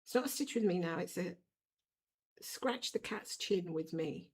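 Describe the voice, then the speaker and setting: A middle-aged woman hosts a cross-stitch livestream from her home, talking bluntly to viewers and cooing at her cat. Her voice sits low with a gravelly, husky edge. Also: expressive, a little slow. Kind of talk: casual chat while stitching. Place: home room.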